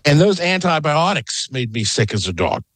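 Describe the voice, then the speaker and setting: A middle-aged man, a guest on a call-in radio interview, telling an excited, rambling story from his home. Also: on the high side, moderate pace, breathy edge, dry recording. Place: home in Las Vegas.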